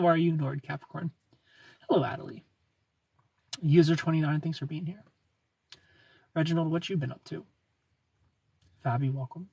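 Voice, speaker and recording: Guy on a livestream reading out comments, kinda husky, sits a bit back from the phone. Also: on the high side, moderate pace, long pauses, dry recording, far from the mic. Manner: greets viewers by name, relaxed and chatty. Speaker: livestream host.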